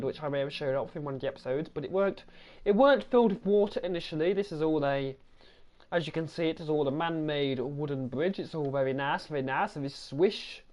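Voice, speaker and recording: With a medium-pitched, darkish voice, a gaming channel host gives a casual, rambling tour of a game world. He corrects himself along the way and keeps repeating the same praise.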